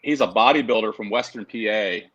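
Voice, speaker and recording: Low-voiced man on dull call audio. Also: fairly quick, fairly bright tone, husky. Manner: easygoing, many fillers, laughs easily. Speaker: guest. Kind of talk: casual chat.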